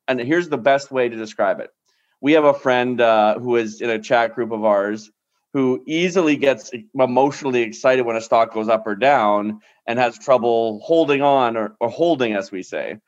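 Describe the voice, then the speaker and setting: A man hosting a podcast chat, emphatic and punchy, often checking in with "right?". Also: mid-range voice. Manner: emphatic, talks in bursts with lots of "right?". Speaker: podcast host. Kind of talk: casual conversational interview. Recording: dull lo-fi sound.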